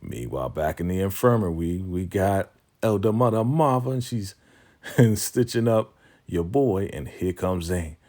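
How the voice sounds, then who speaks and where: A man's voice: low voice, expressive, measured pace, a little mellow. A man hosting a casual TV episode recap, chatting freely with lots of fillers and frequent laughs.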